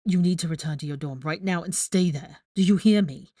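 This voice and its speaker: A woman's voice: on the low side, a little fast, no room sound, clean studio sound, natural voice. Woman voicing a frantic pleading teenage boy. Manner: urgent, pleading, hushed.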